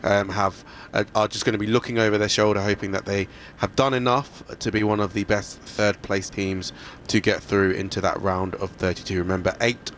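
A man with a lowish voice gives a conversational sports report for radio, lively and quick to reach for fillers. A faint low rumble sits under his voice. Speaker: sports presenter.

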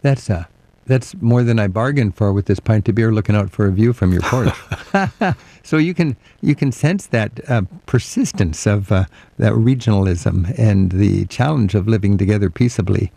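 Man, radio host, gravelly low voice, mellow tone, faint music underneath. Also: no room sound. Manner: folksy, enthusiastic, halting with ums. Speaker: radio travel show host. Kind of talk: relaxed interview chat.

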